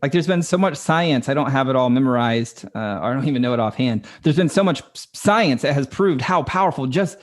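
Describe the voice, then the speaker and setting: A man's voice: medium pitch, lively intonation, a little fast, hardly any pauses. A man who works as a coach, talking casually and earnestly as a podcast guest. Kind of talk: conversational podcast interview.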